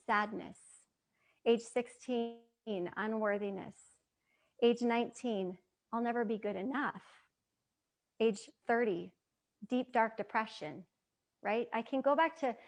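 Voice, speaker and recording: A woman in her thirties giving an earnest motivational talk to an audience, repeating phrases for emphasis. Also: fairly high pitch. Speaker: motivational speaker.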